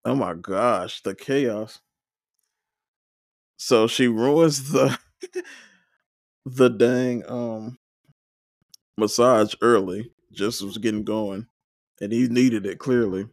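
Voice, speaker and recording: A watch-along podcast host, a casual man with a fairly low voice, recaps a show slowly with frequent pauses. He paraphrases scenes and reads character dialogue aloud, adding brief joking asides. The sound is dry and clean, studio quality.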